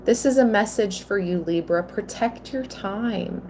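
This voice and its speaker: A woman giving a live tarot reading, slow and earnest, at times emotional. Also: mid-range voice, darkish tone, a little hiss or hum. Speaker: tarot reader.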